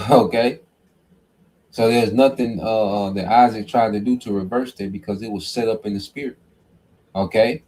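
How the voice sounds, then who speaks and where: A man's voice: lowish voice, steady tone, normal speed, a little mellow. A man giving informal scripture teaching, talking conversationally and often checking in with "okay?" and "man". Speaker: Bible teacher.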